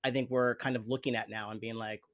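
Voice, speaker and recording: This male host talks fast, his medium-pitched voice delivered flatly. Over the course of the conversational interview he reflects earnestly on his work as an improv teacher, frequently groping for the right words.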